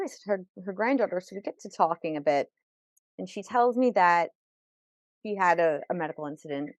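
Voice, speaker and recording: A woman's voice: mid-range voice, dry recording. A woman who is a podcast guest, telling her life story vividly with quoted dialogue. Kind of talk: personal storytelling in an interview.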